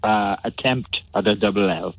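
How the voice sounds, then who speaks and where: Husky, lively male caller on a dull line. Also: fairly low pitch, normal speed, no echo. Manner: lively, chuckling, stammering. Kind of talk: casual phone-in chat. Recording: dull, muffled phone line.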